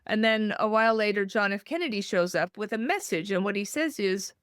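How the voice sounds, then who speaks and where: A woman guest telling a personal story in an interview, animated and acting out the voices she quotes. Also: mid-range voice, a little fast, smooth, no room sound, clean studio sound. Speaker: guest author.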